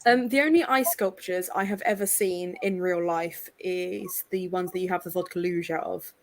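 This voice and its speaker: A woman's voice: on the low side, fairly even intonation, normal speed. A woman with an English accent, co-hosting a casual video chat and telling stories with playful teasing. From England. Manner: chatty storyteller, playful teasing. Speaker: co-host.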